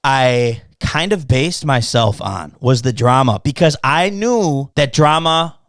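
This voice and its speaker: A man with a mid-range voice hosts a podcast, speaking slowly as he tells a story in casual conversation. He swears a lot and acts out both sides of an argument, animating the quoted exchanges. The studio-quality recording has no room sound.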